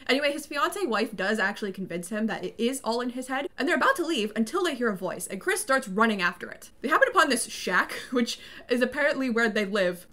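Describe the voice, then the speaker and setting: Young woman, high bright voice, sarcastic casual movie recap, lots of "like". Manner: sarcastic and incredulous, fond of the filler "like". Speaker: YouTuber recapping a horror movie.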